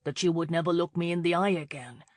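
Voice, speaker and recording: A woman voicing a brooding young male suitor in a romance audiobook, speaking low and quiet with slow insistence. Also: dry recording, natural voice. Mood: insistent.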